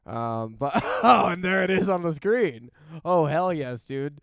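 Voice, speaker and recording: A man's voice: a little high, sing-song, unhurried, creaky, a bit bright, dry recording. A man from Canada co-hosting a live call-in show, bantering with crude jokes in casual chat.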